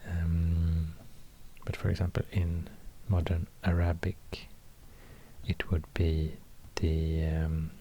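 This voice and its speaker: A man with a Swedish accent rambling quietly in soft-spoken ASMR, half-whispering and pausing often. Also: sits low, monotone, slight background noise. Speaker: ASMR creator.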